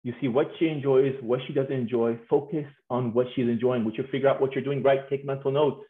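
A man giving a humorous conference talk on marriage, animated and playful, acting out voices and laughing often. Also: mid-range voice, a little fast. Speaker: speaker on marriage. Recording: tinny phone-like sound in an echoey room.

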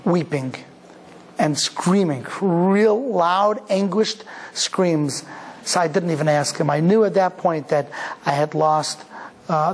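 A man's voice: sits high, a little mellow, slightly rough. A man from Cleveland, Ohio, a rabbi telling a personal story in a sermon, speaking in an emphatic, earnest way and repeating phrases for emphasis. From Cleveland, Ohio, USA.

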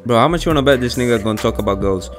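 A man's voice: mid-range voice, animated, racing, over music. A brash young man chatting and joking crudely with strangers in a virtual game world. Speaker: VR chat streamer. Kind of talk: casual chat with strangers in a game.

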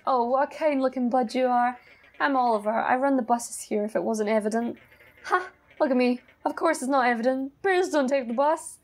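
A woman's voice: high voice, moderate pace. A woman voicing a friendly, talkative male bus depot keeper in a game. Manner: friendly, chatty.

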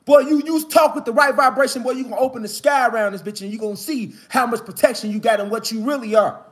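A man delivering a slang-heavy, preaching-style monologue outdoors, building to shouted emphasis. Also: extremely high pitch, fast, slightly rough. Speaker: online spiritual speaker. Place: outdoors in the mountains.

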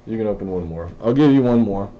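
A man's voice: fairly low pitch, lively intonation, slight background noise. A man opening sports card packs in casual chat, brash and joking with a friend. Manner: brash, joking, rapid-fire. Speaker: card breaker. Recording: slightly dull, music faint behind. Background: faint music.

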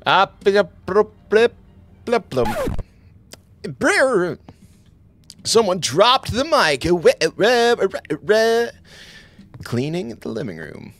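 A man's voice: high-pitched, very animated, takes it slowly, long pauses, a bit bright. A man hosting a let's play, commenting on a horror game from home, joking and jumpy, yelping and laughing at the scares.

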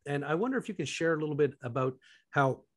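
A man hosting a podcast interview, chatty and animated as he tells stories and asks questions. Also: on the high side, fast, no room sound, clean studio sound. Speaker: podcast host. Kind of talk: casual interview.

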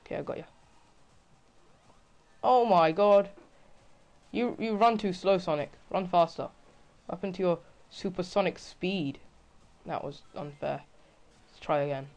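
Casual let's-play gamer voice, mid-pitched, talking to themselves and yelping at every mistake. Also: normal speed, a little mellow. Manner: talks to self, frequent exclamations and groans. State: frustrated. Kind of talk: casual gameplay commentary.

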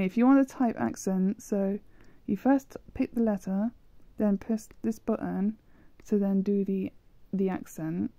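A woman's voice: mid-range voice, warm tone, no echo, highs cut off. A woman giving rambling, self-deprecating commentary while playing a language-learning game, often hesitating and trailing off. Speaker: gameplay video creator. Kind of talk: casual gameplay commentary.

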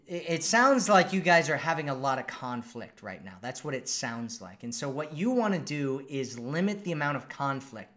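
A man's voice: mid-range voice, a bit bright. A man hosting a live stream as a dating coach, reading out viewer comments in a casual, upbeat, chatty way.

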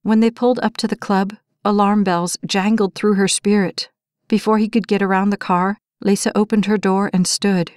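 A woman narrating an audiobook in an even, measured storytelling voice. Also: mid-range voice, smooth, dry recording, clean studio sound.

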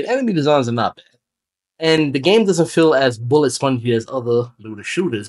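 Young male gaming host, casual rambling review delivery, mid-pitched. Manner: rambling, loose and chatty, with self-corrections. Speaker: gaming YouTuber.

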